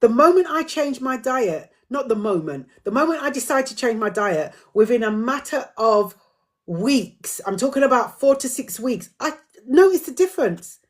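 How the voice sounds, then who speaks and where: Emphatic woman, higher voice, live chat. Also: animated, moderate pace. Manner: earnest, emphatic, repeats points for stress. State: dry throat, voice going. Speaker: host of a community live drop-in. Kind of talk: casual live-stream talk.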